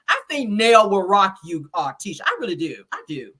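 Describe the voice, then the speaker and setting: A woman's voice: mid-range voice, sing-song, brisk, fairly bright tone, husky. A woman giving a sassy, chatty casual recap of a reality show, calling her listeners honey and child.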